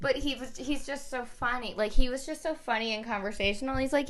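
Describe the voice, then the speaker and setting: Her voice sits high and moves briskly with hardly any pauses as she co-hosts a podcast. Casual and chatty, she's an animated storyteller who laughs a lot.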